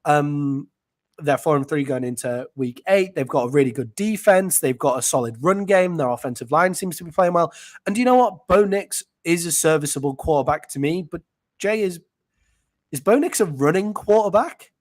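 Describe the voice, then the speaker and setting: A man with an English accent co-hosting a casual sports podcast, chatty and quick to laugh, with plenty of fillers. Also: a little high, expressive, dry recording. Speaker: podcast co-host.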